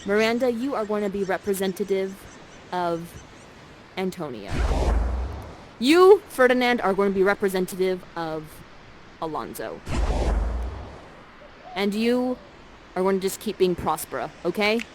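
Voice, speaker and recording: A woman's voice: mid-range voice, very animated, measured pace, pauses often, a little hiss or hum, low-quality recording. A woman acting as guide, directing participants through an interactive theater scene in an upbeat, theatrical way. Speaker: actor guiding participants through an interactive show.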